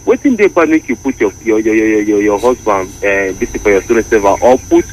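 A Nigerian man with a fairly low voice lectures earnestly about tradition on a radio program. A faint hiss of noise hangs behind his words. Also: animated, brisk, low-quality recording. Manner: preachy, insistent about culture. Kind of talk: casual radio chat in Nigerian Pidgin.

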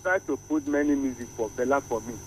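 A male caller with a Nigerian Pidgin accent phoning a radio show, excitable and breaking into loud outbursts. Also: medium pitch, fast talker, far from the mic, a crowd in the background, low-quality recording. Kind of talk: phone-in call.

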